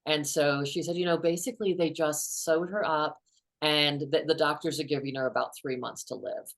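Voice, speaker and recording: A middle-aged woman author, a guest in an interview, telling personal stories in an animated way and acting out the quotes. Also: sits low, normal speed. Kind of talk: conversational interview storytelling.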